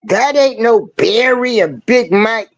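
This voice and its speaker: Older woman commentator, slangy, drawn-out rant, animated pitch. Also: dry recording, low-quality recording. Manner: emphatic, hammering repeated rhetorical questions; slangy, swings between rising cries and low asides. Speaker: online commentator. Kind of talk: ranting political commentary.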